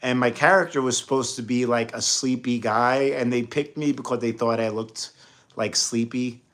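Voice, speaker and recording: A man's voice: medium pitch, steady tone, moderate pace, a bit bright. A man from New York with a New York accent, telling rambling stories about acting jobs in a casual interview, with lots of fillers and restarts. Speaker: entertainer and actor. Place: home studio.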